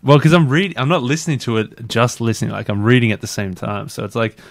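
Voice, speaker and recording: A man's voice: mid-range voice, fast talker, gravelly, dry recording, studio quality. A man guest on a podcast, talking casually and rambling with lots of fillers and restarts. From Australia. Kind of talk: casual interview chat.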